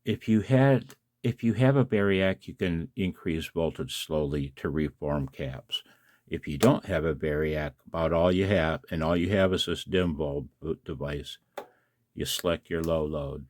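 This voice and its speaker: A man's voice: extremely low pitch, unhurried, darkish tone, dry recording, clean studio sound. A tired man, up late at night, casually demonstrating a hobby device and chatting to the viewer with questions and chuckles.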